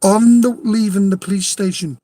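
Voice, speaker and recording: A man's voice: sits high, fairly even intonation, normal speed, mellow, dry recording. A man with a Liverpool accent telling a rowdy anecdote in casual chat, swearing freely, laughing often and insisting it is true. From Liverpool, England. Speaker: storyteller.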